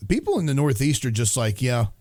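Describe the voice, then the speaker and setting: A man's voice: mid-range voice, lively intonation, brisk, a little mellow, no echo. A man co-hosting a podcast, chatting casually in a rambling, self-mocking way. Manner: rambling, self-mocking, puts on silly voices. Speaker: podcast co-host. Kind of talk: casual chat.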